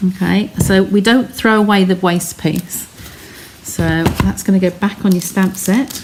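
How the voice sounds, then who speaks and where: A woman's voice: medium pitch, a little mellow, a little hiss or hum. Chatty woman demonstrating card crafts. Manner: chatty, explains step by step, talks to viewers. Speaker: craft live-stream host. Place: home craft studio.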